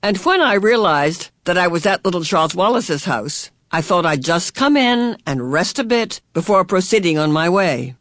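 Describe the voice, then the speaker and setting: A man putting on a creaky, quaint old woman tramp. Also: high-pitched, animated, fairly bright tone, dry recording, clean studio sound. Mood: whimsical. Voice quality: creaky voice like an unoiled gate. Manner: quaint, folksy, slow and drawn-out. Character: odd old woman tramp, cheerful and eccentric.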